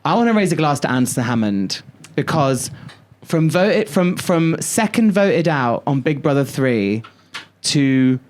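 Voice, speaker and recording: A male podcast co-host telling stories in casual chat, animated, drawing out words and swearing freely. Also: on the high side, a little slow.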